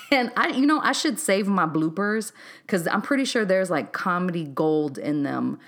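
A Texas woman with a lowish voice talks freely on her own podcast, unscripted and candid. She chats warmly in a loose way, drops in a "y'all", and laughs at herself now and then. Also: animated, unhurried. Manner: candid, chatty, laughs easily, says "y'all" and "um". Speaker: podcast host. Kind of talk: unscripted solo podcast talk.

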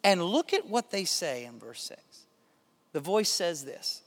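A male pastor with a notably high voice delivers a sermon in an easygoing, animated manner, peppering his talk with fillers. His voice rings with a long reverb, as in a large church sanctuary. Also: a little slow. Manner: conversational and animated, with many fillers.

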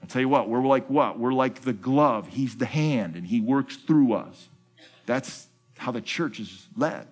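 A man's voice: mid-range voice, animated, measured pace, husky, faint music behind. A man giving a sermon as founding pastor of his church, asking the congregation questions, answering them himself, and repeating key phrases.

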